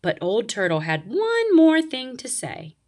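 A woman reading a picture book aloud, slow and expressive. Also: on the high side. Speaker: narrator.

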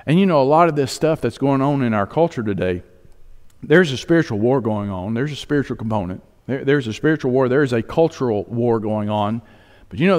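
Male pastor, mid-pitched, earnest sermon delivery, long hall reverb. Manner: earnest preaching that swings from hushed to emphatic.

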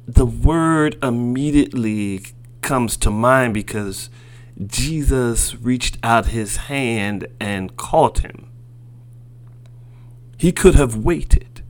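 A man preaching a sermon, slow and deliberate, building his points through repeated phrases. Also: medium pitch.

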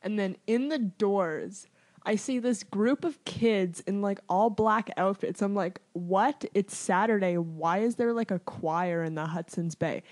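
A woman's voice: medium pitch, unhurried, darkish tone. A woman co-hosting a podcast, chatting casually in a rambling, giggly, self-mocking way. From Canada. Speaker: podcast co-host. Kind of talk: casual chat.

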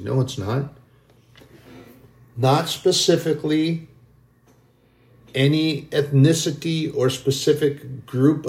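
A man's voice: medium pitch, darkish tone. A man preaching a sermon in an impassioned, repetitive way, leading a spoken prayer.

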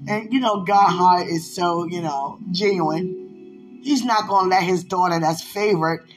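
A vlogger talks casually to the camera, addressing a loved one, gushing and giggling as she rambles while her voice swings up and down. Her voice is fairly low, at a measured pace. The audio is poor, with music playing as a bed beneath her.

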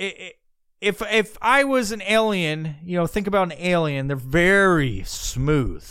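A man's voice: fairly high pitch, a bit bright, no room sound, studio quality. A man hosting a podcast, rambling in a casual monologue, swearing often and restarting his sentences. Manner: rambling, profane, musing aloud with many restarts. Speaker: podcast host.

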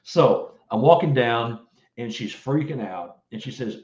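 Animated storytelling man in a roomy room. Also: a little slow. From Texas. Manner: animated, acts out quoted lines with big pitch jumps, repeats words. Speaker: interview guest, field investigator. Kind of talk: storytelling in a casual interview. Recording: roomy, slightly dull audio.

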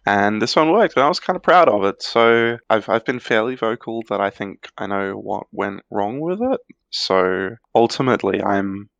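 A man's voice: fairly low pitch, expressive, normal speed, gravelly, hardly any pauses, a bit bright, dry recording, muffled recording. A man on a podcast as a guest, talking casually and reflectively with a few restarts. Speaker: podcast guest, card designer. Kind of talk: casual chat.

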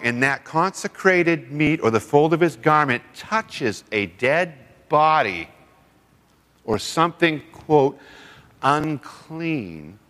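Man, preacher, sermon, slow delivery, lively pitch, slightly high voice, long hall reverb. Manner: animated storytelling with acted-out quotes.

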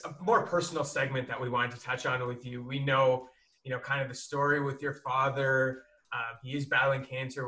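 A man co-hosts a casual podcast, leading into personal topics with soft, supportive questions. His voice is bright and sharp at a middle pitch. He sounds a little back from the microphone. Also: distant mic. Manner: supportive, leads with gentle questions. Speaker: podcast co-host. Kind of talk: casual interview chat.

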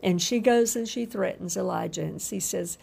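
A woman preaching a sermon with fervent emphasis, drawn-out phrases and soft asides. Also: mid-range voice, creaky, breathy edge.

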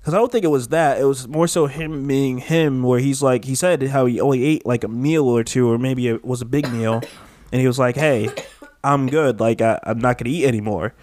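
A man's voice: medium pitch, brisk, a little mellow. A man co-hosting a home podcast, chatting casually and rambling, filling his speech with "like". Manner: rambling, heavy use of "like". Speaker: podcast co-host. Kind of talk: casual chat. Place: home room with a window AC unit.

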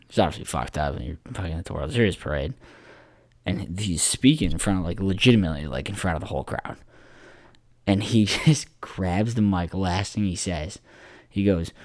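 A man with a deep, low voice talks sports on a casual podcast. He rambles, swears freely and leans on filler words. The sound is dry, with no room echo. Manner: rambling, profane, lots of "like" fillers. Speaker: podcast co-host.

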